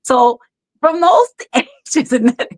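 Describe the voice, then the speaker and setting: A woman who works as a background actor, telling stories in an animated, chatty way as a talk-show guest, often laughing. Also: sits high, slow pace. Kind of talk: casual storytelling chat.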